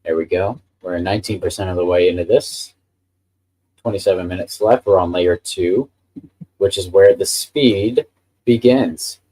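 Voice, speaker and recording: A man's voice: deep voice, normal speed, warm tone. A man hosting a casual live stream, chatting with enthusiasm about the printer he is handling. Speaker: livestream host.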